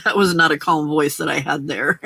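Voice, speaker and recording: A woman's voice: low-pitched, moderate pace, vocal fry, a bit bright, slightly rough, no room sound. An older woman hosting a casual late-night crafting livestream, chatting and laughing often as she answers viewers' comments. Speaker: livestream host.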